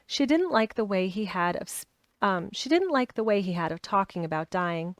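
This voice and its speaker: A woman's voice: medium pitch, moderate pace, no room sound. Woman narrator reading a classic aloud, dry close sound. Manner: steady storybook narration with small restarts. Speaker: reader.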